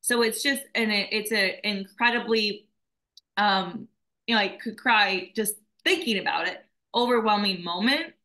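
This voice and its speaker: A woman's voice: mid-range voice, unhurried, rough recording. A woman founder of a nonprofit, talking earnestly and emotionally in a casual interview. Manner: earnest, emotional, warm storytelling.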